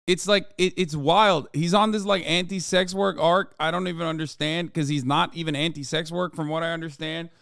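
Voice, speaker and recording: Smooth-voiced swearing male streamer. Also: a little high, steady tone, moderate pace, few pauses, fairly bright tone, no room sound, studio quality. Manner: profane, exasperated rants. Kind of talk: casual reaction commentary.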